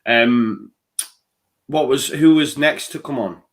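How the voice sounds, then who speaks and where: A man's voice: medium pitch, takes it slowly. A man co-hosting a live fan stream, talking bluntly and casually, swearing often and laughing. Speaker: co-host of a fan channel.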